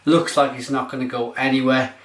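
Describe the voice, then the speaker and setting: A man's voice: medium pitch, little pitch movement, fairly quick, fairly bright tone, reverberant. A man reviewing beer on his vlog, gushing and exclamatory as he describes it.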